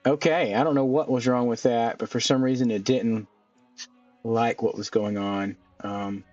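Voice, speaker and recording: A man casually narrating his own gameplay, thinking aloud and filling pauses with ums as he goes. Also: medium pitch, steady tone, a little mellow, dry recording, far from the mic. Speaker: gaming channel host. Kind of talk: casual let's-play commentary. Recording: dull lo-fi mic a bit off, faint music. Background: faint background music.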